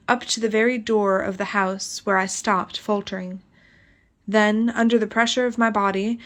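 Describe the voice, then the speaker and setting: A woman narrating a novel as an audiobook, in measured, expressive first-person storytelling. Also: medium pitch.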